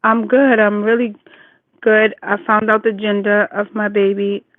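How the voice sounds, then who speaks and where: A woman's voice: medium pitch, flat delivery, a little slow, no room sound. A woman in her forties calling in, talking emphatically and reassuringly, repeating herself for stress. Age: 40s. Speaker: caller. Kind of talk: casual consoling chat. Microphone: phone call. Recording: phone line.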